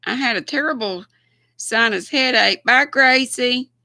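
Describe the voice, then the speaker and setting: A woman's voice: on the high side, unhurried, creaky, pushed and bright, no echo. An older woman with a Southern US accent, chatting casually and folksily with viewers on her livestream, often laughing. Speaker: livestream host.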